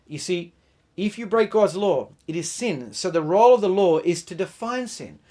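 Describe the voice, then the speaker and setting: Emphatic male preacher, fairly high voice. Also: expressive, normal speed, warm tone. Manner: emphatic, repeats and restarts words, asks the audience questions. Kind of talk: sermon.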